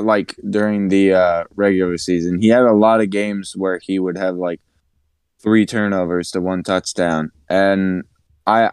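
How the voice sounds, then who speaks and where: A young man co-hosting a casual sports podcast, making measured, somewhat hesitant arguments. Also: on the low side, clear, resonant tone, no room sound, clean studio sound. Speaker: podcast co-host.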